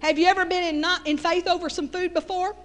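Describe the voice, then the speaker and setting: A woman's voice: extremely high pitch, fairly even intonation, fast talker, a bit bright, in a large hall. A middle-aged woman with a Texas Southern accent, preaching a folksy sermon with call-and-response asides.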